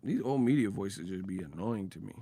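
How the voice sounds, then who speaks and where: A man's voice: sits low, expressive, brisk, warm tone, slight background noise. A young man ranting in slang for a casual boxing vlog, swearing and laughing as he talks. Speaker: boxing commentary vlogger. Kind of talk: casual rant.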